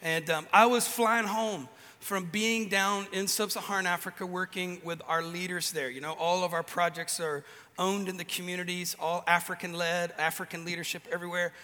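A man's voice: sits high, level tone, moderate pace, pushed and bright, big-room sound. A man preaching a casual, joking sermon, telling stories with many restarts, in a large event venue.

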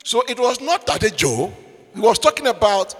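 Animated preacher in an echoey hall. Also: male voice, sits high, normal speed, husky. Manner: animated and humorous, swings from shouting to near whisper. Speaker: pastor. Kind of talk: sermon. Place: church.

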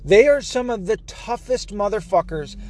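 A man's voice: sits high, animated, moderate pace, darkish tone, a little hiss or hum. A man from the United States ranting heatedly and sarcastically to the camera, swearing often. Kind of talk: profane political rant.

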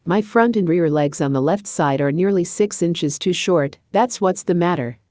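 A woman's voice: lowish voice, normal speed, a little mellow, dry recording, clean studio sound, close to an everyday voice. A woman voicing a clumsy, grumbling male donkey with an indignant manner. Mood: angry.

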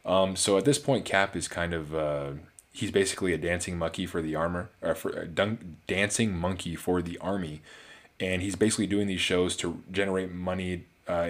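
A man giving a casual, rambling movie review on his channel, full of fillers and restarts. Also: deep voice.

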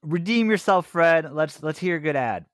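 A man with a very lively, swinging voice shares trivia on a casual podcast. The sound is dry and close, and he teases his friends as he goes. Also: on the high side, moderate pace, no echo. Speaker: podcast co-host. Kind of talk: casual chat.

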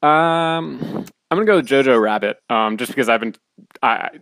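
A man's voice: mid-range voice, moderate pace, creaky, a bit bright, no room sound. A man co-hosting a casual film podcast who rambles and restarts his sentences, sounding amused. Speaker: podcast co-host.

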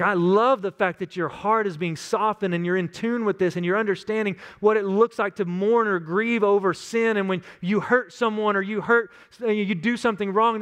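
A pastor in his thirties with a Texan drawl preaches in an earnest, conversational way and leans on family stories to make his point. His voice sits a little higher than most men's. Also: a bit bright. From West Texas. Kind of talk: sermon.

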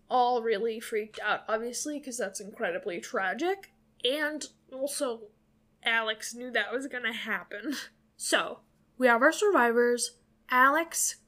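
Woman podcast co-host, higher register, rambling casual recapper, curses freely. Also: bright, forceful tone. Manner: rambling, filler-heavy, swears freely. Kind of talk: casual movie recap chat.

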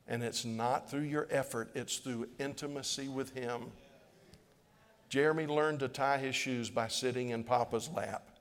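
A middle-aged man preaching to his congregation, his mid-pitched voice earnest and pleading. He circles back to his phrases again and again. The long reverb of the sanctuary trails after each line. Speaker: pastor. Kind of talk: sermon. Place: church sanctuary.

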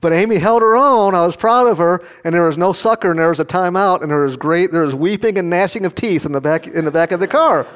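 An older male pastor preaches in a folksy, storytelling way, tossing questions out to the congregation. His voice sits a touch higher than most men's. It rings out with the long reverb of a large church hall. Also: fast talker, few pauses, fairly bright tone, clean tone. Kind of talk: sermon.

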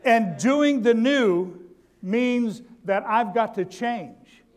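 High-voiced man preaching a sermon. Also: very slow. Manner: calls for audience response, repeats key lines; stammering restarts.

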